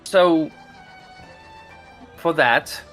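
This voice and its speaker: A haughty, commanding archaeologist woman, as a man puts her on in a tabletop game. She speaks curtly, a little higher than his own voice, with a bright edge. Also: drawn-out words, faint music behind. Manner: curt, commanding.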